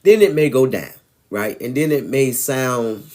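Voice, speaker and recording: A man co-hosting a live relationship chat in a casual, joking, folksy way, with a voice that is still changing and slightly raspy. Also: medium pitch, expressive, a little slow, darkish tone. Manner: laid-back, joking, folksy. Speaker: podcast co-host.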